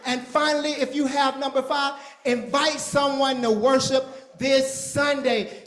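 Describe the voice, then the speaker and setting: A man leading a church children's program, playful and energetic, teasing the kids and adults as he gets them moving. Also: very high voice, unhurried, hardly any pauses. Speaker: VBS program leader. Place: large church hall. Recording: echoey hall with crowd.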